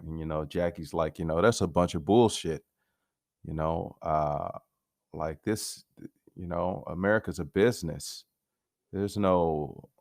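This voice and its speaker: Deep-voiced man rambling, profane. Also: no echo, studio quality. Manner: meandering, profane, laid-back with restarts. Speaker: podcast host. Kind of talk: rambling solo monologue.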